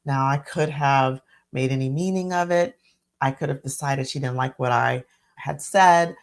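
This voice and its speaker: A woman hosting a solo podcast, speaking in a reflective teaching tone and repeating phrases for emphasis. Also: very deep voice. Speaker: podcast host and physician.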